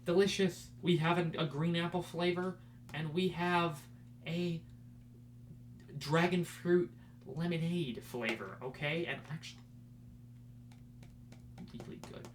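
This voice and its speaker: A young man hosting a podcast, rambling in casual chat with lots of fillers and excited fan talk. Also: on the high side, slow, long pauses, slight background noise. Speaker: podcast host.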